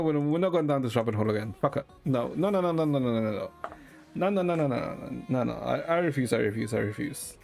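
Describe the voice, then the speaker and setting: Male streamer, deadpan and rambling, slightly high voice. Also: vocal fry. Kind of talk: casual chat with viewers.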